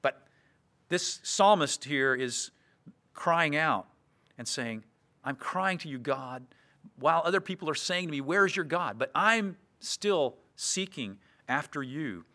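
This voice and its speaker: Bright, lively-voiced male preacher. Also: fairly high pitch. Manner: earnest, slows down to read scripture verses. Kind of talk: expository sermon.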